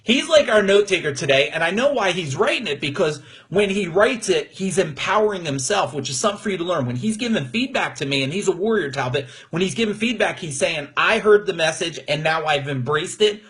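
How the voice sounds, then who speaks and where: A man with a fairly high, husky voice gives a motivational talk on a live call. He speaks with emphatic energy, as a coach rousing his audience. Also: fairly quick, hardly any pauses. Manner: energetic, emphatic, gets emotional. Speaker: business coach. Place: his room at home.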